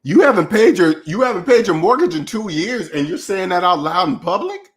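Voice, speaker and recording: This channel host's voice sits high, with lively intonation and a slightly fast pace, as he rants on his livestream in a preachy, mocking tone while going through chat. He still sounds like he's getting over a cold.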